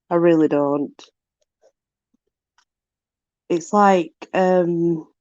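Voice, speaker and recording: A woman's voice: fairly low pitch, a little mellow, no room sound, dull audio. A woman with a Yorkshire accent, casually reading old sayings aloud and bemused by them. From Yorkshire, England. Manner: amused, bemused, often laughing. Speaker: vlogger.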